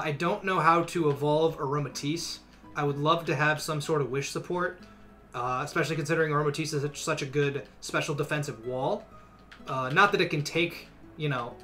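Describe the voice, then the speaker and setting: A young male streamer talks through his game casually, rambling and filling gaps with "uh" and "like." His voice is bright and a touch high. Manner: rambling, full of fillers. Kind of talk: casual gameplay commentary.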